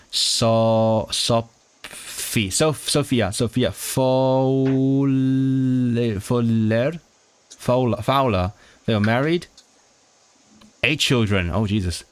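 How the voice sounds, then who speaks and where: This man streams himself studying a language, puzzling out signed content aloud in a mid-range voice over a little hiss or hum. He keeps restarting words and breaking off into bewildered self-questioning asides.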